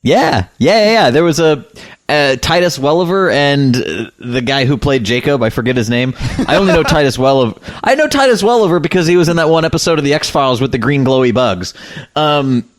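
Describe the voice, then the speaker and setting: A man's voice: fairly high pitch, expressive, fairly quick. A man co-hosting a podcast in casual chat, rambling with lots of fillers and restarts, laughing often. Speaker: podcast co-host.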